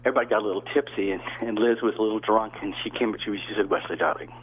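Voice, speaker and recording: A man's voice: on the low side, steady tone, rapid-fire, husky. An older man from the American South, an actor guest telling rambling anecdotes with many restarts over a phone-like line. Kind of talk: casual interview storytelling.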